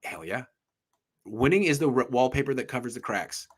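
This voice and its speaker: A man hosting a casual sports podcast, talking in an animated, jokey way that often trails off and restarts. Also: mid-range voice, normal speed, slightly rough.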